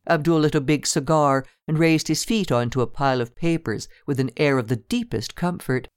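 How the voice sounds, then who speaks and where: A man reading a story aloud as narrator, with a measured storytelling delivery. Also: a little high, clean tone, no echo, studio quality. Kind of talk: audiobook narration.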